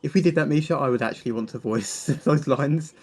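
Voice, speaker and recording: A man co-commentating on a speedrun tournament in a relaxed, jokey way, laughing easily. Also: a little high, a little fast, slightly rough, faint music behind. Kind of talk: casual live commentary banter.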